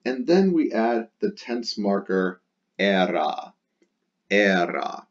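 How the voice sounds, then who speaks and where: A man's voice: on the low side, very animated, slow. A man teaching a grammar lesson, explaining step by step and drilling endings aloud in rhythmic lists. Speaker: Latin teacher. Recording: dull lo-fi recording.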